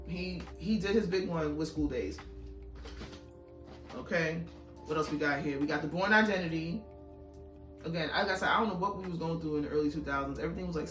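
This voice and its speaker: This woman's voice is low-pitched yet fairly bright, and she sits far from the mic while vlogging about her movie collection. She's a self-described yapper who rambles and swears casually as a YouTuber reviewing her DVD haul. The room echoes and faint music plays.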